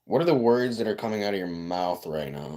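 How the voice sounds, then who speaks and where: A man live streaming and chatting with his viewers, boastful and self-hyping, swinging between loud outbursts and low mutters and repeating himself. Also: lively intonation, fairly quick. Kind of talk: casual livestream chat with viewers.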